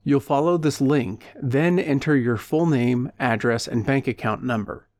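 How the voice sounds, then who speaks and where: A man voicing a calm, calculating male hired punisher who speaks in firm, measured tones. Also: mid-range voice, no room sound, studio quality, close to an everyday voice. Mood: calm businesslike.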